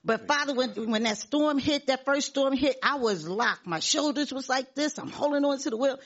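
A middle-aged woman gives a heartfelt church testimony in a fairly high voice. She stumbles and repeats words as she talks and breaks into laughter often. The recording sounds dull and lo-fi. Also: normal speed. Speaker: church member giving testimony.

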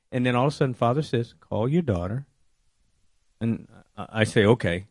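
A man telling a personal faith testimony, animated and acting out his own worried words. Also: medium pitch, moderate pace, no echo, studio quality. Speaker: testimony speaker.

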